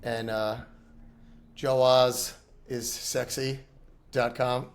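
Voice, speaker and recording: A man's voice: medium pitch, level tone, extremely slow. A middle-aged man chatting casually as a podcast guest, telling rambling anecdotes and laughing often. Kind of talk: casual chat.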